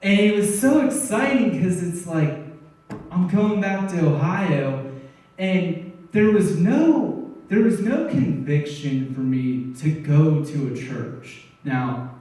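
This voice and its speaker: A young man shares his testimony before a church congregation, talking in an earnest, excitable way and playing out conversations. His voice sits somewhat high and is picked up from a distance. It carries a heavy church echo. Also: slow pace. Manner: storytelling, acting out conversations in quotes; earnest, excitable, laughing often. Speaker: church member giving testimony. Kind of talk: personal testimony in a church service. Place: church sanctuary. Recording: echoey church, voice off-mic.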